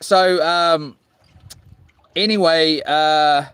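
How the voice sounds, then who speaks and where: This fishing vlogger is out on the ocean, chatting with viewers during a live stream. His fairly high, clear, resonant voice has a fairly bright tone and drawn-out words as he rambles and swears through mock-grumpy jokes.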